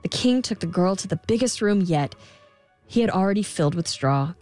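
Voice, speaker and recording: A woman telling a fairy tale in scripted narration, expressive, giving the girl a higher voice. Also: a little fast, faint music behind. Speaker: storyteller.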